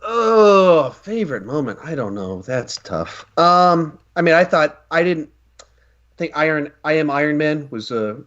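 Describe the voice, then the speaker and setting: A man's voice: fairly high pitch, sing-song, measured pace, fairly bright tone. A man in a casual discussion, searching for words and joking. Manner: hesitant, joking. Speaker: guest. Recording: lo-fi online call audio.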